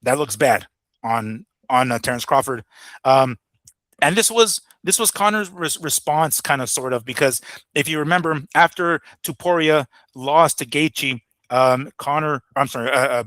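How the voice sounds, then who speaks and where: A man's voice: medium pitch, a little slow, fairly bright tone, no room sound. A man co-hosting a fight news show, talking casually with lots of fillers, restarts and swearing. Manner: rambling, many fillers and restarts. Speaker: boxing show co-host. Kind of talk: casual profane news chat.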